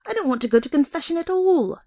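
Woman voicing a panicky small boy, high-pitched and pleading, in a storybook reading. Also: animated, fast, warm tone. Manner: pleading, protesting. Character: frightened small boy resisting being dragged.

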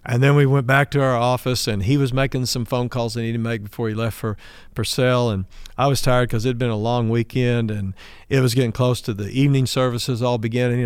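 A man's voice: mid-range voice, smooth, dry recording. A middle-aged man from Oklahoma preaching a sermon, telling a personal story and acting out the dialogue with a lifted voice for the quoted lines. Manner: acts out dialogue in his stories, raising his voice for the quoted lines. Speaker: pastor.

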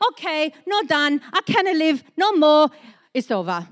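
Wailing, dramatic older Italian uncles full of despair, in a put-on Italian accent and broken English, pitched high and loud, as a woman preacher mimics them. The voice lurches up and down in wide swings. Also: big pitch swings, measured pace. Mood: ranting. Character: panicky excitable older Italian uncles, men.

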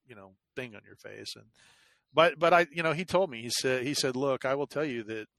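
A man's voice: medium pitch, lively intonation, fairly quick, creaky, a bit bright, no echo. A man casually recounting a hard personal experience, rambling with lots of fillers and restarts, and a self-deprecating manner. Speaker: guest telling his illness story. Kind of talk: casual conversational storytelling.

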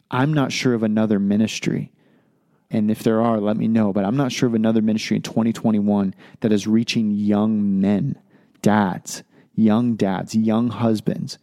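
A man's voice: lowish voice, warm tone, no echo. A man hosting a podcast, making a heartfelt, pleading appeal in casual speech full of "man" and "dude". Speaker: podcast host.

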